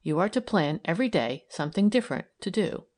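A woman voicing a brisk, kindly woman parole officer who talks firmly and encouragingly. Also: fairly low pitch, very animated, darkish tone. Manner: firm, crisp and encouraging.

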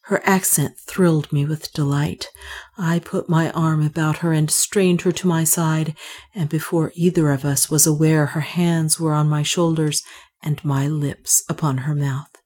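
A woman reading a story aloud as narrator, in a measured, even storytelling manner. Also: low voice. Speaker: audiobook narrator. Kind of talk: scripted narration.

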